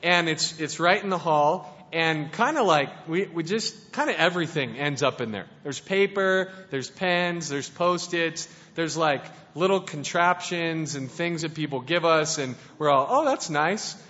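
A high-pitched man preaches in a casual, playful way, circling back and restarting his sentences as he talks. His voice carries a long reverb from a hall, and the recording sounds dull and lo-fi. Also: unhurried, hardly any pauses, bright, forceful tone. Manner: playful and conversational, with many restarts. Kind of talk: casual sermon.

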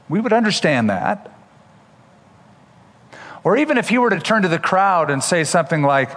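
A man's voice: sits high, lively intonation, moderate pace, a bit bright. Preaching man in a reverberant hall. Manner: expository preaching with humorous asides. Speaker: pastor. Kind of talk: sermon.

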